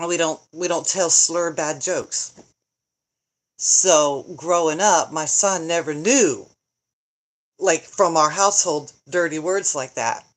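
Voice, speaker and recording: A woman's voice: low-pitched, slow. A middle-aged woman chatting casually on a livestream, joking, rambling and answering viewer comments as she goes. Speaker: vlogger, grandmother. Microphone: phone.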